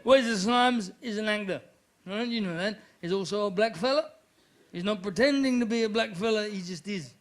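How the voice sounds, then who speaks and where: A man doing an animated live stand-up routine, sometimes shouting in character. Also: high voice, moderate pace. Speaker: stand-up comedian.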